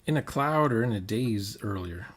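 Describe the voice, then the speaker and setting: A man's voice: fairly low pitch, lively intonation, moderate pace. A man playing in a casual tabletop role-play, hesitant and stammering over his words. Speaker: player.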